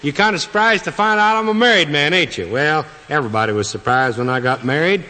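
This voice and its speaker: A man's voice: a little high, quick pace, pushed and bright, a little hiss or hum. A middle-aged man, telling folksy jokes on stage to an audience. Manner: drawling, joke-telling, rural folksy talk. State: has a cold. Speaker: comedian on stage. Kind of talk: folksy stage comedy monologue. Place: large venue with stage and audience. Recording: reverberant hall with audience ambience.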